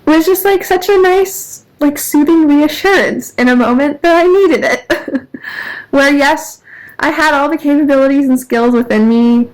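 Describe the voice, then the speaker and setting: A woman's voice: sits high, measured pace, rough recording. A woman talking casually to the camera while sitting in her car, rambling through a story with lots of fillers and little laughs. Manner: chatty, laughs often, rambling with many fillers. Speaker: vlogger. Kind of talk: casual vlog chat. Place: in a parked car.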